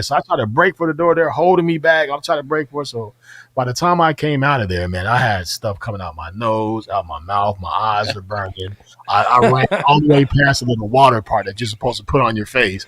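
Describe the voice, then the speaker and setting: A man's voice: on the low side, fairly quick, no room sound. A man co-hosting a veterans' podcast, telling a story in casual chat and acting out the voices in it. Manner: animated, acts out voices in his story.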